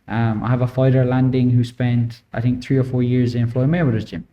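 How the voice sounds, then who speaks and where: A man's voice: mid-range voice, little pitch movement, a little fast, highs cut off. A man in his twenties with an Irish accent, a boxing coach telling stories as a podcast guest, with many filler words. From Ireland. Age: 20s. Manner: storytelling, lots of "like" fillers. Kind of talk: casual interview chat.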